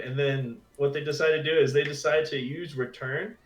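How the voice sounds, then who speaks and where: A young man co-hosting a casual game stream, telling stories and slipping into quick character voices. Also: a little high, echoey room, a little hiss or hum. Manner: animated storyteller, does quick character voices. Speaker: gaming co-host. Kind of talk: casual chat over gameplay.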